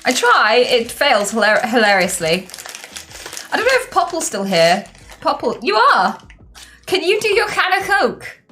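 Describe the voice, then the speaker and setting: A woman's voice: high voice, big pitch swings, unhurried, bright, forceful tone, soft background music. A woman streamer chatting casually and playfully on a live stream, laughing often.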